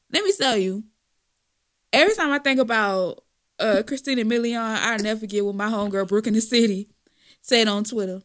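A woman's voice: a little high, normal speed, pauses often, a bit bright. A woman co-hosting a casual gossip podcast, slangy and dramatic, laughing often. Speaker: podcast co-host.

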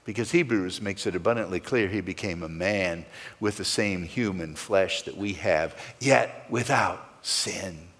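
A man's voice: deep voice, unhurried, fairly bright tone, in a large hall. A male pastor preaching a sermon, stressing key words with sweeping rises and falls.

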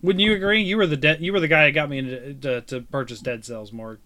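A man's voice: on the high side, steady tone, fast talker, sharp tone, slight background noise. A man co-hosting a casual gaming podcast, talking in a rambling, enthusiastic way with plenty of fillers. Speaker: podcast co-host.

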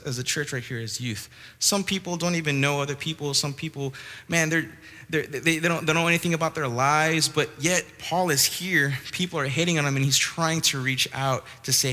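A young man preaching to a church youth group. He is animated and joking, with restarts. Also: fairly high pitch, long reverb tail. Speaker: youth pastor. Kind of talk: youth sermon with storytelling. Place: church hall.

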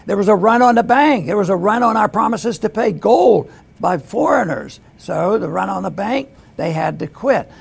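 An older man hosting an economics talk, speaking haltingly with restarts and throat clearing. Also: sits high, lively intonation. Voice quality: gravelly, husky. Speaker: host. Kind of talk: economics commentary.

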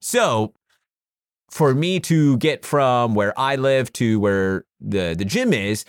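A young man co-hosting a podcast in a casual chat, rambling and halting with lots of "uh" fillers. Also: mid-range voice, lively intonation, dry recording, studio quality. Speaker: podcast co-host.

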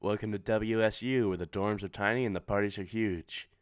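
A man's voice: on the low side, fairly even intonation, fairly quick, no room sound, pitched above the performer's own voice, lightly acted. A man voicing an upbeat young woman welcoming her new roommate. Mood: cheery. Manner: cheery, welcoming.

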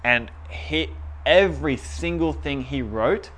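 A man's voice: fairly high pitch, lively intonation, takes it slowly, a bit bright. A young man, telling personal stories in a casual chat and laughing often. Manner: chatty, self-deprecating storytelling. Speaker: podcast co-host.

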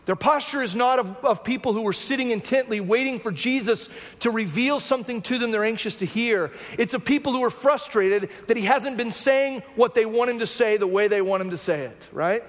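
A man's voice: very high voice, fairly quick, hardly any pauses. A man, a pastor, giving a sermon in a conversational teaching manner with frequent asides to the congregation. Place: church sanctuary. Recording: long hall reverb.

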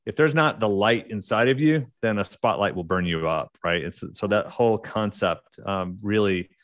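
A man's voice: fairly low pitch, moderate pace, fairly bright tone, no room sound, clean studio sound. A middle-aged man with an Oklahoma accent, telling stories as a podcast guest in a casual, rambling way with many fillers and restarts. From United States. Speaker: podcast guest, leadership author. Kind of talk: casual interview storytelling.

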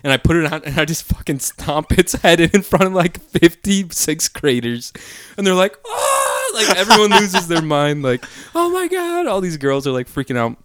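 A young man in his twenties co-hosting a casual podcast chat, telling stories with lively swings into loud put-on voices. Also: fairly high pitch, moderate pace, clean tone, no echo, clean studio sound. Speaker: podcast co-host.

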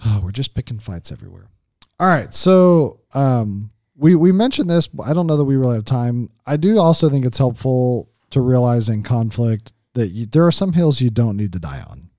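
A man in his thirties talks through relationship advice in an easy, conversational flow, often checking in with "right?" and restarting his sentences. His voice is mellow and dark, and it sits close and dry with no room sound. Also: mid-range voice, lively intonation, normal speed, dry recording. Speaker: co-host of a Christian marriage podcast. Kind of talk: casual teaching chat.

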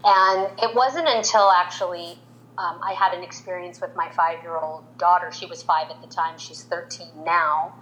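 A woman in her forties with a slightly low voice tells a story in an interview. She is animated, jumping up higher whenever she acts out what someone said. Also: normal speed, rough recording. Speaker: makeup artist, guest.

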